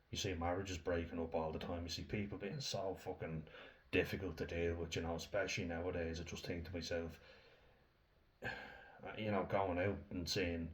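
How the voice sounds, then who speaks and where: Young dublin guy with a really deep voice, ranting casually, swears a lot, rambles on. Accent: Irish, Dublin. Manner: swears freely, rambling and blunt, laughs often.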